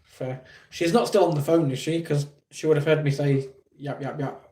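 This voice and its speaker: Mellow-voiced English man chatting on stream. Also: on the high side, fairly even intonation, normal speed. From England. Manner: reads chat aloud and answers viewers with blunt teasing. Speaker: livestream host. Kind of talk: casual livestream chat.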